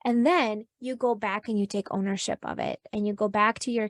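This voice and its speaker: A woman's voice: mid-range voice, fairly even intonation, a little fast, hardly any pauses, no room sound. A woman coaching as an interview guest, explaining earnestly and filling her talk with "like" and "you know". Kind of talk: podcast interview advice.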